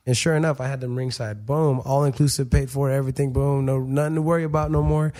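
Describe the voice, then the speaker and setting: Sex: man. Role: podcast guest, former boxer. Pitch: middle of the range. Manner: loose, profane, animated storytelling. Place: studio. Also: fast talker, hardly any pauses. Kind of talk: casual interview storytelling.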